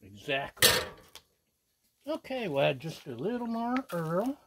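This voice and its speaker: A man's voice: fairly high pitch, very animated, a little slow, noisy background. A man hosting a casual cooking vlog outdoors at a griddle, chatty and jokey, teasing the viewer with repeated little asides. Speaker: cooking channel host. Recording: loud griddle sizzle behind voice.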